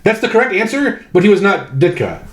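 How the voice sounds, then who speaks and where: A man's voice: high-pitched, very animated, brisk, reverberant. Blunt, cursing man from Chicago. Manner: blunt, profane, rambling. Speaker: podcast co-host. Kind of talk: casual podcast chat.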